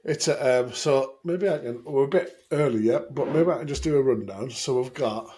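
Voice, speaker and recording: A Scottish man co-hosts a casual beer podcast, chatting with many restarts and bursts of laughter. His voice is mid-range with a dark tone, and he speaks at normal speed.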